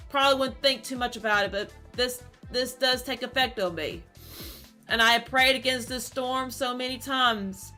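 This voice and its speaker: A woman streamer talks casually to her chat, rambling and repeating words as she grows upset and nearly cries. Her voice is high, pushed, and bright.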